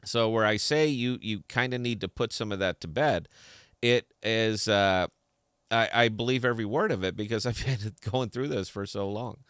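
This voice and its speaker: A man's voice: lowish voice, moderate pace, fairly bright tone, smooth, dry recording, clean studio sound. A man hosting a podcast in an opinionated, heated solo rant, talking with a slight lisp and repeating words as he gets worked up. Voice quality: slight lisp from a dental hole. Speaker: podcast host.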